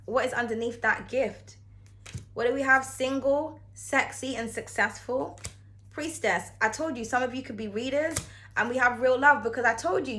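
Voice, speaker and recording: A woman's voice: sits high, bright, forceful tone. A woman giving a casual tarot reading to camera, chatty and frank, cursing freely and calling the viewer darling. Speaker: tarot card reader.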